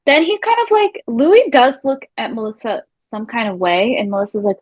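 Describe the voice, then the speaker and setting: A woman's voice: fairly high pitch, normal speed, no echo, low-quality recording. Woman chatting in a dry, close sound. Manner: animated, swears casually, mimics the people she quotes. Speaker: recap show co-host. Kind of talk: casual TV recap chat.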